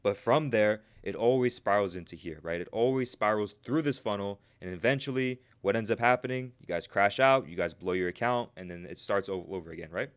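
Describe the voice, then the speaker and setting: His voice is lowish, clear, and resonant, and he talks a little fast with few pauses. He casually coaches traders on a livestream, calling out chat members by name and asking "right?" after almost every sentence.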